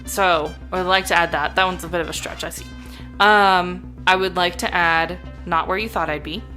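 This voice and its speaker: Bright-voiced woman playing a tabletop game. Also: fairly low pitch, steady tone, normal speed, soft background music. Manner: casual, chatty. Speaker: player.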